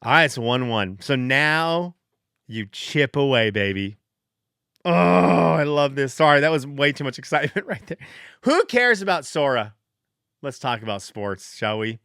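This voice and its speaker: A man in his thirties hosting a casual solo podcast, rambling and excitable, who breaks into loud cheering. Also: medium pitch, moderate pace, smooth, no room sound, clean studio sound. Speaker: podcast host.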